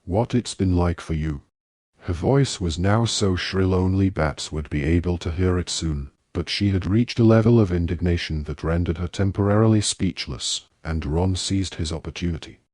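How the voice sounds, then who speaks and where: Deep-voiced male audiobook narrator. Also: moderate pace, few pauses, no echo, clean studio sound. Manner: steady storytelling reading.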